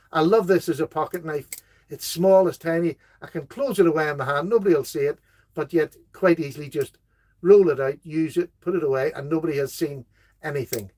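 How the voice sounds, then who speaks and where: A man's voice: a little high, darkish tone. A middle-aged man hosting a casual live stream, chatting enthusiastically and rambling as he reads out viewer comments. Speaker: host of a knife live stream.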